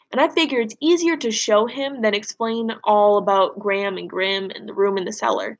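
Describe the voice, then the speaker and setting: A woman teacher reading a novel aloud for a lesson, telling the story expressively and pausing to ask the class questions. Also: mid-range voice.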